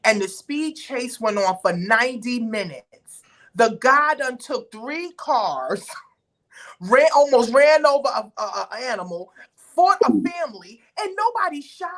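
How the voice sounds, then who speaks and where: A woman with a high voice co-hosts a casual talk show. She talks in a punchy, animated way and sometimes does mocking voices of other people. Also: slow. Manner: emphatic, animated, mocking impressions. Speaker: podcast co-host. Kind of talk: casual discussion.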